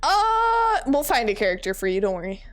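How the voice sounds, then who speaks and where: A woman's voice: mid-range voice, racing. A young woman streaming a game, chatting playfully with her viewers and laughing often. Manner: playful, giggly, teasing the chat. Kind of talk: casual live-stream chat while playing a game.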